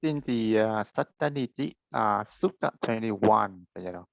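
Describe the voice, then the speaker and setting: A man taking part as a student, halting with many restarts. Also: on the low side, animated, creaky, no room sound, lo-fi sound.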